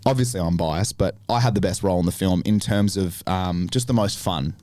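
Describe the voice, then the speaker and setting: A young adult man, a podcast guest telling animated stories about acting work, swearing often. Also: deep voice, fairly quick, no room sound. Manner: animated storytelling with lots of swearing. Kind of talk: casual chat.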